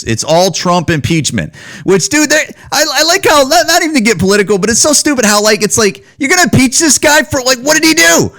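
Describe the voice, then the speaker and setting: Man, podcast host, casual profane rant, lively pitch, rambling.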